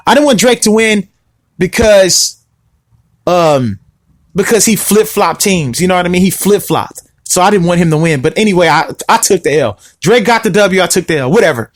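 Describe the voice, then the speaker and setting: A man's voice: high-pitched, no room sound. A man hosting a casual solo podcast, rambling, repeating himself and often asking "you see what I mean?". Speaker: podcast host.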